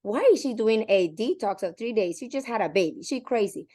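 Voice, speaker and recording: A woman in her forties telling her own story casually, animated and chatty, acting out what she and others said. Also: medium pitch, brisk. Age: 40s. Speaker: community member sharing her story. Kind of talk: casual testimonial.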